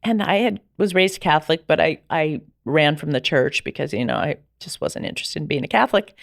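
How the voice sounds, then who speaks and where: A middle-aged woman telling her personal story as a podcast guest, lively and acting out the dialogue she remembers. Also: sits low, a little fast, vocal fry, few pauses, no room sound, clean studio sound. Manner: animated, acts out quoted dialogue.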